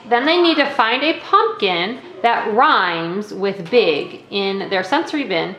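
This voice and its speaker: A woman teacher walks through hands-on classroom activities in a relaxed, unhurried way, often stopping to check in with the viewer. Her voice sits at an ordinary middle pitch. The room is echoey, with a faint hiss behind her. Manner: chatty and explanatory, checking in with okay and all right. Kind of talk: casual tabletop demonstration. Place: indoors at a table.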